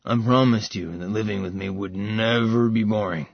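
A man's voice: on the low side, moderate pace, vocal fry, no room sound, lo-fi sound. A man doing a cocky, teasing joker. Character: cocky grinning man, joking and reckless.

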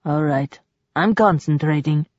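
A woman voicing a teasing, lecherous grown man who was once a warrior general, speaking dry and sarcastic in a lowered voice. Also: unhurried, a little mellow, no echo. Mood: sardonic flirting. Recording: dull dry recording.

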